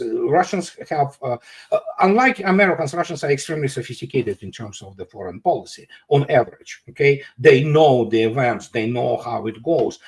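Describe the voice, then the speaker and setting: A man's voice: medium pitch, darkish tone. A man talking as an interview guest, with emphatic, scornful political commentary full of "you know" fillers. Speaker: guest analyst.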